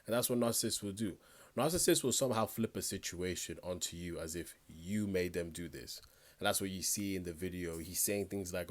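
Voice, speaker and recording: A man's voice: deep voice, fairly quick. A man giving reaction commentary, talking bluntly and directly to the viewer in a conversational way.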